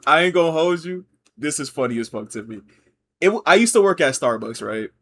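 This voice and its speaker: A man reacting to clips and telling his own work stories in a relaxed, slangy, laughing way. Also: a little high, a little fast, a little hiss or hum. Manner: laid-back, slangy, laughing storyteller. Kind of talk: casual reaction commentary.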